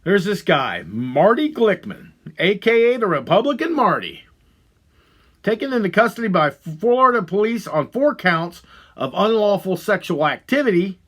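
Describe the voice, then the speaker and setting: A man hosting a podcast, delivering a profane, heated monologue that swings between loud outbursts and low muttering. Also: very animated, moderate pace. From Ohio. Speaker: podcast host. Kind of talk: angry ranting monologue.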